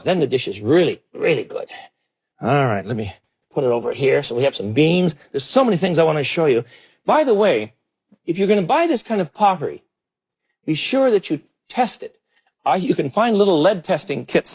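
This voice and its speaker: A man's voice: fairly high pitch, a little mellow, slightly rough. A middle-aged man hosting a cooking show in a studio kitchen, chatting enthusiastically as he demonstrates dishes to the camera. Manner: chatty and enthusiastic, exclaiming over the food. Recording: 1980s television broadcast.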